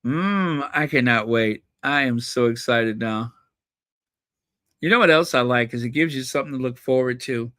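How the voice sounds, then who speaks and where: A man's voice: medium pitch, moderate pace, pushed and bright, dry recording, clean studio sound. A man hosting a casual solo gossip vlog, chatting to viewers in a rambling way and repeating words for emphasis. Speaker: royal gossip channel host.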